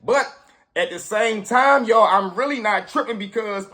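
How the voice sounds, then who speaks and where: Animated man telling street stories. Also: sits high, measured pace. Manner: animated, street slang, acts out quotes. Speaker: storyteller host. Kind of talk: casual storytelling to viewers.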